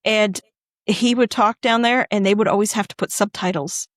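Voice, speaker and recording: A woman's voice: medium pitch, steady tone, moderate pace, no echo. Chatty woman, dry close sound. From Northwestern Pennsylvania. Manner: rambling, chatty, full of restarts. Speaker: podcast co-host. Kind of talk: casual chat.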